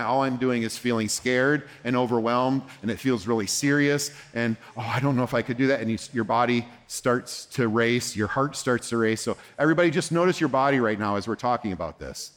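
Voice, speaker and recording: A man speaking to a conference audience as a therapist, conversational and gentle, acting out short dialogues in quoted lines. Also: medium pitch. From United States. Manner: gentle, reassuring when voicing the counselor. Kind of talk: conference talk.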